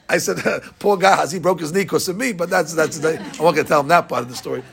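An older man telling an animated story as a lesson, acting out the dialogue and laughing at his own tale. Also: on the high side, fast, gravelly, hardly any pauses, husky. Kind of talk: storytelling sermon.

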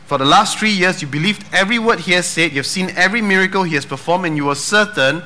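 A man preaches in an easygoing, joking way, with a bright, forward tone that sits a little high. He asks the room rhetorical questions, checks in with a quick "right?", and slips in puns along the way. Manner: casual and joking, with dad jokes and rhetorical questions. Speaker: pastor. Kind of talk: sermon.

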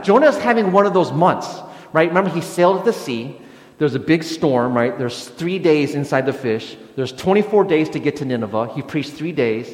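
A male pastor preaching a sermon in a conversational, joking way, often asking "right?". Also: medium pitch. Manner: conversational, jokey, tags lines with "right?". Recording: echoey hall with long reverb.

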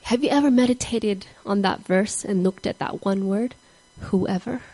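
A woman's voice: mid-range voice, moderate pace, dry recording, rough recording. Earnest woman telling a sermon story. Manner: earnest, drops to a soft whisper on key words. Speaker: speaker giving a devotional talk.

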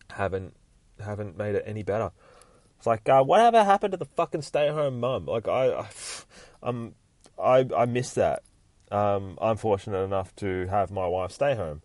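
Man, low voice, profane, rambling casual podcast, dry close sound. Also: a little mellow, no room sound. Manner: profane, rambling, laughs at himself. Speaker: podcast host. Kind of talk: casual comic book read-through. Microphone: phone.

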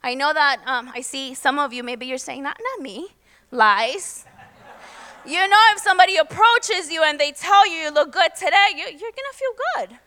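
A young adult woman pastor giving a lively sermon to her church, praying aloud and telling stories. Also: sits high, normal speed. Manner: lively storytelling, prays aloud. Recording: long hall reverb, faint music.

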